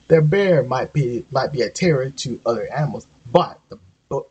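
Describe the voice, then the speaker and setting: Husky man reading a story aloud. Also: medium pitch, warm tone, lo-fi sound. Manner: stumbling, often correcting himself mid-line. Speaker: amateur reader.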